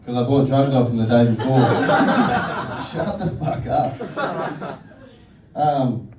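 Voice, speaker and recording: A man's voice: mid-range voice, expressive, slow. A young man doing a casual, crude stand-up set, often laughing through his own jokes. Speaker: stand-up comedian. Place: comedy venue, live audience. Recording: roomy venue audio from far off, noisy.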